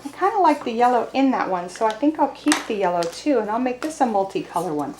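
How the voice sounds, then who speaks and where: A woman teaching a video lesson to young children, speaking cheerfully, slowly and clearly. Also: on the high side, sing-song, roomy sound, noisy background. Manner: cheerful, slow and clear, sings simple songs. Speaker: preschool teacher.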